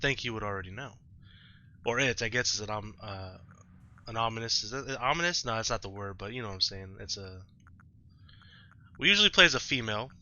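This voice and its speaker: A man's voice: fairly low pitch, lively intonation, a little fast, long pauses, bright, forceful tone, slight background noise. A man hosting a let's-play, rambling through casual gameplay commentary at home and often correcting himself. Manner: rambling, self-correcting, chatty. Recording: slightly dull lo-fi mic.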